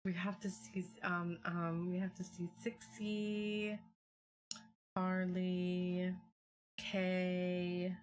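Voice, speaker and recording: A young woman chats with her stream viewers from home in a rambling, filler-heavy way. Her voice sits a little low, and she breaks into excitable bursts. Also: extremely slow, faint music behind. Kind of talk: casual chat with viewers.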